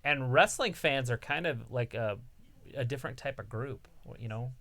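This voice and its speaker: A man's voice: medium pitch, moderate pace, pushed and bright. A man co-hosting a live stream, talking casually and earnestly in an easygoing way. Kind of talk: casual chat about wrestling.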